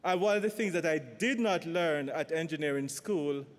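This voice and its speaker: Man, conference moderator, somewhat high voice, halting delivery, large echoing hall. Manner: halting, with restarts and fillers. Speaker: conference moderator introducing a speaker. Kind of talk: conference introduction speech. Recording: long hall reverb.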